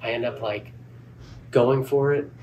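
A man, a golf club head pro, telling a lively story in a podcast interview and acting out the dialogue. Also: mid-range voice, a little slow. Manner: animated, acts out quoted dialogue. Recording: distant mic with faint background noise.

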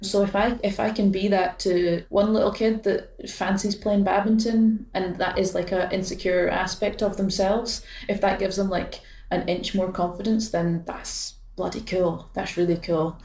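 A woman's voice: mid-range voice, flat delivery, normal speed, hardly any pauses, darkish tone, reverberant, far from the mic. A Scottish woman in her late twenties, a badminton player chatting in an interview, hesitant with many fillers and restarts. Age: late 20s. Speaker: professional badminton player, guest. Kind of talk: casual interview chat.

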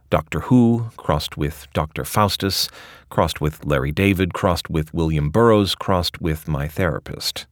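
A man's voice: sits low, no echo, studio quality. A man narrating a scripted audio essay with a wry, ornate delivery.

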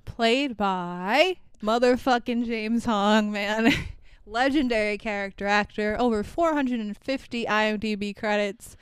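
A woman co-hosting a casual movie review chat, animated and swearing, playing up her confusion and acting out the characters. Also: medium pitch, measured pace, clear, resonant tone, no echo. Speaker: podcast co-host.

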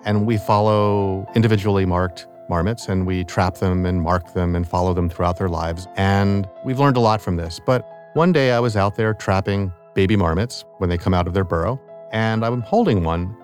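Low-voiced middle-aged male professor explaining. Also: steady tone, a little mellow, soft background music. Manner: explanatory, measured, academic. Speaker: professor of ecology and evolutionary biology. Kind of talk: interview clip in a narrated podcast.

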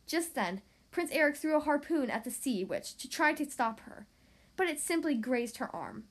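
A woman narrating a children's storybook aloud, steady with small stumbles. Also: high-pitched, normal speed. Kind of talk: storybook reading.

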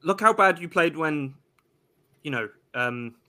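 A man from Wales, a podcaster guest giving measured opinions in casual sports talk. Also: fairly high pitch, expressive, bright, forceful tone.

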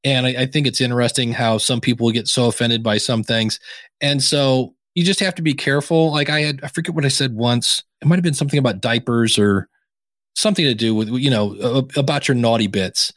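A man appears as a podcast guest and author in a casual interview, speaking fairly quickly at a medium pitch. He is an animated storyteller who acts out the other voices and quoted exchanges in his anecdotes. The recording has no room sound.

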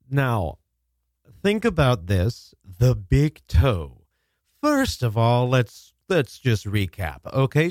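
A man's voice: medium pitch, a little mellow, no echo, clean studio sound. A man hosting a radio show, chatting casually with wry, incredulous and profane commentary. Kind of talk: casual chat.

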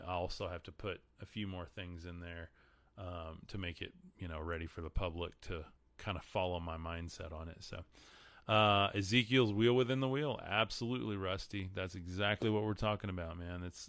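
Bright-voiced Texan man hosting live. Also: lowish voice, dry recording. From Texas. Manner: casual, reads viewer comments and answers them. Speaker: podcast host. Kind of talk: live-stream chat and Bible discussion.

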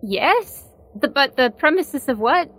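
A woman's voice: sits high, expressive, slow pace, a bit bright. A woman playing her character in a tabletop game, speaking hesitantly. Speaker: player.

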